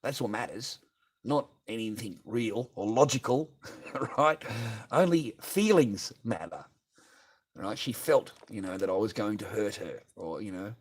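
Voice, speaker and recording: A man's voice: lowish voice, lively intonation, unhurried. An Australian man livestreaming, ranting bluntly and profanely as he reads viewer comments aloud and answers them. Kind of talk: ranting live stream chat.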